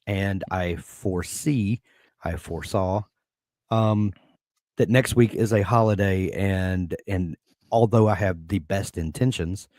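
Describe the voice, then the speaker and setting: A man with a very low voice co-hosts a casual live-stream chat. He talks in a measured, hesitant way, often restarting, heard close and dry. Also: darkish tone, no room sound. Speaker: co-host.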